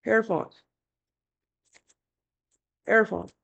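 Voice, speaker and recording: A woman's voice: a little high, fairly even intonation, very slow, creaky, fairly bright tone, highs cut off. A woman giving a casual tarot reading, talking bluntly and chattily, scolding and cursing freely. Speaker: tarot reader.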